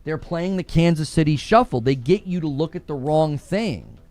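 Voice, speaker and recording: A man's voice: on the high side, expressive, normal speed, a little mellow, no room sound, soft background music. A man hosting a gaming commentary livestream, ranting in an indignant, combative way. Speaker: livestream host.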